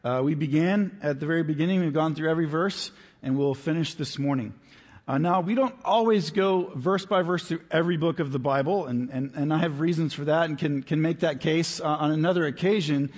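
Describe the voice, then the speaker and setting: A man preaching a sermon as pastor, conversational and emphatic, slowing down to stress key words. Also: on the high side. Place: church sanctuary. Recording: long hall reverb.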